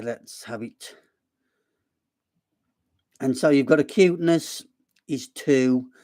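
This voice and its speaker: A man's voice: medium pitch, warm tone. A man with a Black Country accent hosting a casual live stream, rambling and self-deprecating as he chats. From Black Country, West Midlands.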